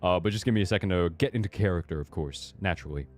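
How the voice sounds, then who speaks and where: A man's voice: low-pitched, racing, soft background music. A man streaming a game, chatting casually with a joking, self-deprecating manner. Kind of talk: casual gaming stream commentary.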